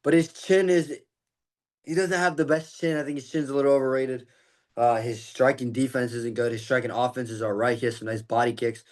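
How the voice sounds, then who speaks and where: A man's voice: mid-range voice, flat delivery, fairly quick. Guy rambling thru a fight breakdown, tired, kinda out of breath, lots of likes and ums. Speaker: podcast host giving fight predictions.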